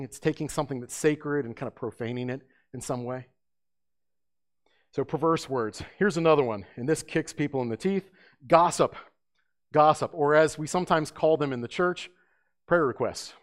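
A man's voice: a little high, moderate pace. A man preaching an emphatic sermon as pastor, asking his listeners rhetorical questions.

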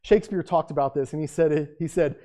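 Mellow-toned preacher asking rhetorical questions. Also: male voice, fairly high pitch, a little fast. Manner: dramatic, repeated rhetorical questions, acts out quotes. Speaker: pastor. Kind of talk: sermon.

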